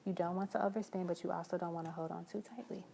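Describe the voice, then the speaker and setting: Gravelly low-voiced woman reading tarot. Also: fairly even intonation, racing, warm tone, a little hiss or hum. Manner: casual, affectionate, calls viewers girl and love. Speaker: tarot reader. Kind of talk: live-stream tarot reading.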